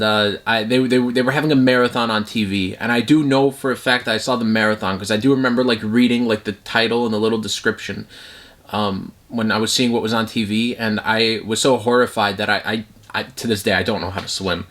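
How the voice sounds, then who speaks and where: A man's voice: fairly low pitch, a bit bright. A man talking casually at home about his movie collection, rambling with many fillers and restarts.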